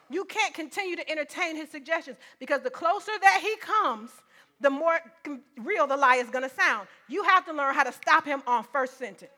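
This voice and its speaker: A woman's voice: high voice, pushed and bright. A woman preacher giving a sermon in an emphatic, conversational way, often repeating her points.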